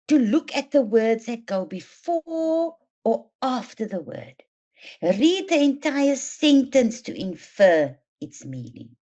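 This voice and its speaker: A woman leads a teacher training webinar, speaking slowly and with deliberate emphasis. Her pitch rises and falls in a lively way as she reads aloud and explains. The audio is dull and lo-fi, as over an online call. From South Africa. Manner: slow, deliberate, emphatic delivery addressing teachers. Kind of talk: instructional webinar with read-aloud demonstration. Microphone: online webinar mic.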